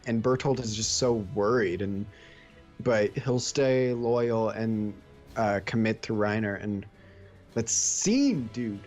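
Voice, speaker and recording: A man's voice: on the low side, takes it slowly, darkish tone, soft background music. A young man guest in a casual chat, earnest and enthusiastic. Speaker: guest youtuber.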